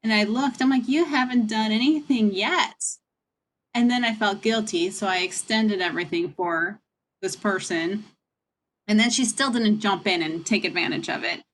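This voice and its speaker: Leading a staff meeting over a video call, a woman talks in a chatty, frank and rambling way. Her voice is medium-pitched and a bit bright, at a normal speed.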